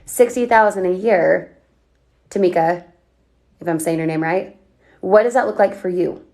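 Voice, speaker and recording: A woman's voice: on the low side, vocal fry. A woman coaching on a livestream, talking energetically and firing off questions at her viewers as she reads their comments. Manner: energetic, chatty, asks rapid questions. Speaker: online business coach.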